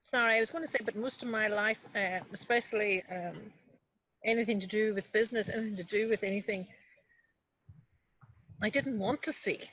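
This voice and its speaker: A woman taking part in an online coaching session, talking in a halting, hesitant way. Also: medium pitch, fairly bright tone, dull audio. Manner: hesitant, halting, searching for words. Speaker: coaching participant. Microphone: video call.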